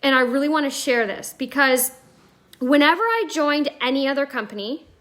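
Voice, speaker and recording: Chatty woman with a high voice telling her story on a live video at home, says like a lot. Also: normal speed. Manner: chatty, animated, many fillers like "like". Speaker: network marketing vlogger. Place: at home indoors, near a staircase. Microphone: live video call.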